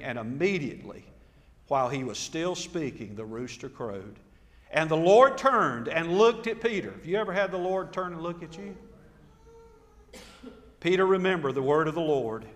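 A man's voice: on the high side, expressive, moderate pace, a bit bright, long reverb tail. A man preaching a sermon, telling the story dramatically and acting out the quotes. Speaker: pastor.

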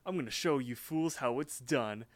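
A man voicing a brash, loud young male cartoon character in a cocky, bro-ish way, raised above his own voice. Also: mid-range voice, moderate pace, dry recording, lightly acted.

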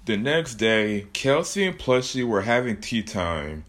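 Slow-talking man reading a goofy horror story. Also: on the low side, very animated, a bit bright. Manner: jokey asides, laughs at own story.

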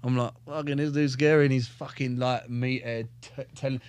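A man's voice: medium pitch, steady tone, moderate pace, a little mellow, clear, resonant tone, no echo. A man in his thirties, a fighter and former soldier, swears constantly and acts out his story in a casual interview. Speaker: podcast guest, UFC fighter and ex-soldier.

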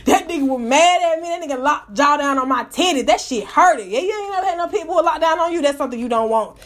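A woman telling a story casually, animated and full of profanity. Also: high-pitched, fast talker. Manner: profane, animated, breaks into laughter.

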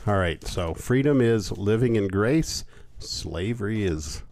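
Lively low-voiced joking man. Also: unhurried. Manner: joking, playful asides. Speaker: podcast co-host. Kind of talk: casual chat.

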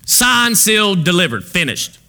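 A male pastor delivers a sermon in a high, strikingly bright voice. He preaches by posing fill-in-the-blank questions to his congregation. His delivery stays sharp and forward throughout. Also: big pitch swings, measured pace.

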